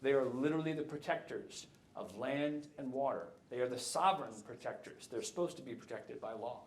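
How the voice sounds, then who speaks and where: A man in his fifties giving a jokey, animated keynote talk to a live audience. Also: medium pitch, brisk. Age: 50s. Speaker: keynote speaker. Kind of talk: conference talk. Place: lecture hall. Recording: echoey hall.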